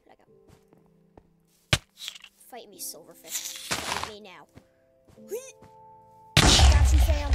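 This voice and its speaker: A goofy woman rambles through her video game session in a high, bouncy voice that swoops up and down. She hums and sings little tunes between her remarks. Loud music plays behind her. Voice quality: high-pitched voice. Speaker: gaming video creator. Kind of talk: casual gameplay commentary. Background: loud background music.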